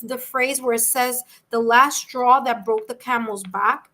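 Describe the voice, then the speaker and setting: A woman's voice: on the high side, sharp tone. A woman with a New York accent giving a chatty, reassuring live-stream tarot reading and calling on viewers by name. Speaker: tarot reader.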